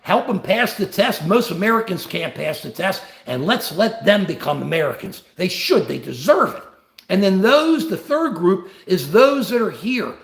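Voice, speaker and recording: An older man talks straight to his live-stream viewers, his voice riding high and swinging widely as he gets worked up. A gravelly edge runs under his words, and the room around him rings with echo. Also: sing-song, normal speed. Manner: impassioned, reads and answers viewer comments. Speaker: livestream host. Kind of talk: live-stream political talk.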